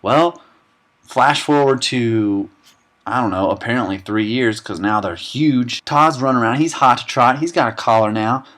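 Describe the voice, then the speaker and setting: Here a young man at medium pitch sarcastically summarizes a film with dry, deadpan humor. Quick asides and fragments of the characters' lines pepper his recap.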